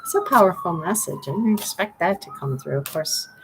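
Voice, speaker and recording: A woman's voice: fairly low pitch, lively intonation, fairly quick, noisy background. A middle-aged woman giving a spiritual card reading to her viewers, earnest and pleading, repeating her phrases.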